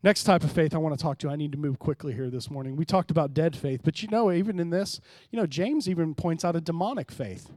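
A man pastor preaching a sermon, swinging between hushed, low passages and loud, emphatic rises, often calling out to the congregation. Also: quick pace, hardly any pauses, no room sound, studio quality. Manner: preaching with sudden drops to quiet and loud rises, calls to the congregation.

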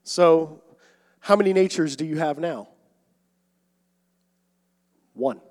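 A young man preaching a sermon, swinging between loud emphatic calls and quiet asides. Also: on the high side, slow pace. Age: young adult. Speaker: pastor. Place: church sanctuary. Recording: long hall reverb.

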